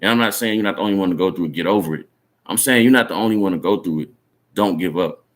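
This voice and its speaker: Deep-voiced man preaching casually. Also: fast. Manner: conversational, repeats "man" and "right?" as tags; earnest, encouraging. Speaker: Bible teacher. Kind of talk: informal sermon teaching.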